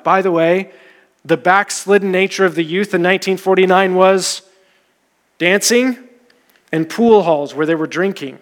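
A man with a high voice preaches a sermon, earnestly telling a story and slipping into the words of its people. His voice rings out with a long reverb, as in a large hall. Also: moderate pace. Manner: earnest storytelling, quoting figures in passing.

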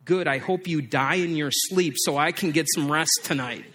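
A man's voice: on the high side, moderate pace, a bit bright, faint music behind. A man voicing his older brother in a story, who sounds blunt and grumpy. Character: annoyed boy, an older brother.

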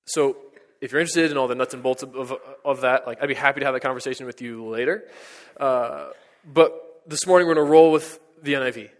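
A man preaching a sermon as pastor, earnest, building to emphatic peaks and dropping to hushed lines. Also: medium pitch. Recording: long hall reverb.

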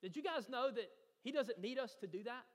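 A male pastor, his voice sitting high and carrying, preaches to his congregation. He tells a personal story and builds to eager emphasis. The long reverb of a church hall trails after every phrase. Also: lively intonation, brisk. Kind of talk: sermon. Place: church sanctuary.

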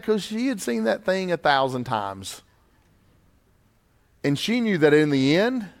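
The voice sits high for a man, and the delivery climbs on key points before sinking to near-hushed lows. A middle-aged pastor gives an emphatic sermon. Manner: emphatic preaching, rising high on key points and dropping low and quiet.

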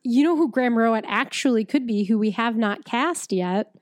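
A woman's voice: fairly high pitch, expressive, moderate pace, no room sound. Easygoing woman chatting, dry sound. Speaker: podcast co-host. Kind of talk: casual chat.

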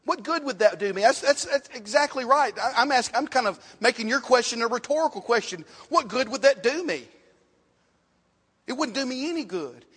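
A man with a high-pitched voice teaches a church Bible class, repeating points and asking the class questions as he writes on a board. His voice rings with a long reverb, as if in a large hall. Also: expressive, a little fast, fairly bright tone, slightly rough.

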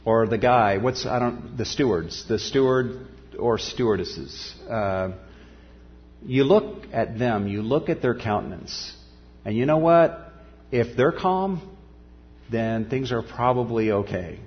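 A man preaching a sermon, earnest, rising to emphatic peaks and then dropping soft and low. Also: animated, slow, in a large hall, highs cut off. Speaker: pastor.

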